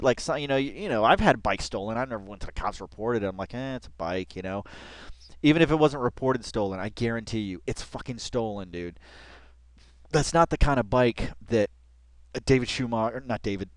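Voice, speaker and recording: A man's voice: medium pitch, dry recording. A man hosting a reaction video, talking in a loose, slangy, rambling way, laughing often and restarting his sentences. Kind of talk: casual rambling commentary.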